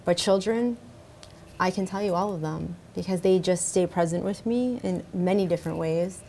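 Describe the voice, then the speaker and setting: A middle-aged woman speaking as a spirit medium guest in casual interview chat, warm and enthusiastic, often repeating herself. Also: on the low side, normal speed, vocal fry, a little hiss or hum. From United States.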